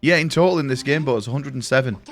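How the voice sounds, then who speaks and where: A man's voice: mid-range voice, rapid-fire. Chatty young streamer guy. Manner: rambling, swears, chatty storyteller. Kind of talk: casual live-stream chat while gaming.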